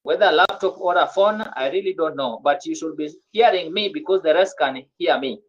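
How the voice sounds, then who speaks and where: A woman's voice: sits low, a little fast. A woman teaching a French grammar lesson in an online class, often repeating and restarting her words. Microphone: video call. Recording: dull lo-fi video call audio.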